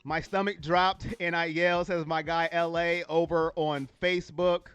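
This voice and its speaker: A man's voice: fairly high pitch, little pitch movement, a little slow, a bit bright, clean tone, muffled recording, soft background music. A man from California hosting a sports fan livestream, talking casually and emotionally, laughing easily and greeting viewers as he reads their comments. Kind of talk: casual livestream talk reading chat comments.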